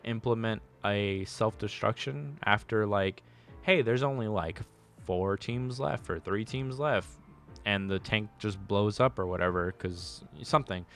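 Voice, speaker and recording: A man's voice: fairly low pitch, unhurried, fairly bright tone, soft background music. A male streamer chatting casually with his viewers, rambling through restarts and fillers.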